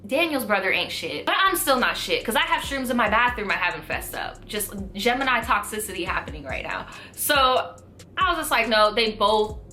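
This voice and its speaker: A woman in her twenties telling a storytime vlog in an animated, profane, slangy way. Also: a little high, fairly quick, soft background music. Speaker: vlogger.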